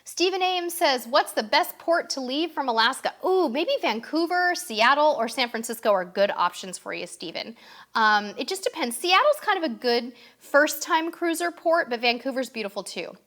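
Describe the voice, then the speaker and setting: Casting note: upbeat woman, thirties, live-stream host, voice sitting a little high. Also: lively intonation, moderate pace, fairly bright tone. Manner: chatty, upbeat, reads comments aloud. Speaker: host answering viewer questions. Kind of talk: casual live-stream chat.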